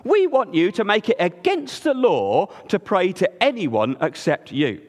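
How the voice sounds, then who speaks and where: A man putting on a pack of nasty royal advisors, grumbling schemers in a storybook, pitched high and sly. The voice swoops widely and drawls slowly. A long hall echo hangs behind it. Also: very animated, exaggerated voice. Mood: scheming. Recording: echoey hall.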